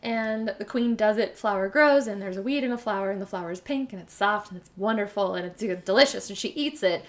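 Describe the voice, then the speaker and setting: A young woman chatting casually and retelling a fairy tale in a rambling, animated way. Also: medium pitch, fairly quick, hardly any pauses.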